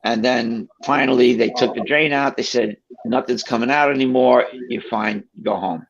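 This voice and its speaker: A man's voice: mid-range voice, normal speed, vocal fry. A man telling a personal story in a casual way, acting out the voices of the people in it. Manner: animated, acts out quoted voices. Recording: dull lo-fi sound.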